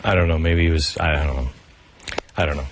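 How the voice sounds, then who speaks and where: A man's voice: a bass voice, fairly quick, slight background noise. A male radio host interviewing a guest, talking emphatically and stumbling over restarts.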